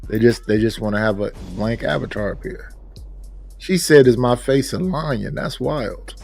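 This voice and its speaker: Teasing man from Oakland, gravelly. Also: medium pitch, moderate pace, soft background music. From Oakland, California. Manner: teasing and animated. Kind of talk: casual chat.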